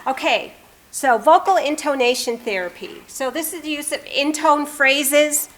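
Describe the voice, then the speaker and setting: A woman's voice: high-pitched, measured pace, fairly bright tone. Upbeat woman music therapist teaching. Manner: upbeat, explanatory, coaching a volunteer. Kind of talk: live demonstration talk. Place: presentation room with audience.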